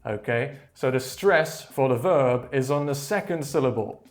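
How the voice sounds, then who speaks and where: A man teaching vocabulary in a slow, patient way, repeating key words and filling pauses with "okay, there we go". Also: mid-range voice. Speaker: English teacher. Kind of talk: slow explanatory vocabulary lesson.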